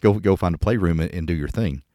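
A Texan man with a very low voice talks fast, sharing candid stories on a podcast. He tells them with crude, joking humor. The recording is dry and close. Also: dark tone, no echo. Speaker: podcast co-host. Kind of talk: casual conversation.

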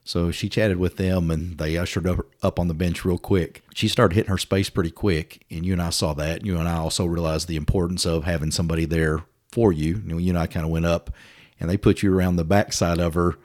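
A middle-aged man, co-hosting a casual chat and telling stories quickly and frankly. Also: low-pitched. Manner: quick, animated storytelling with frank language. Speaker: podcast co-host.

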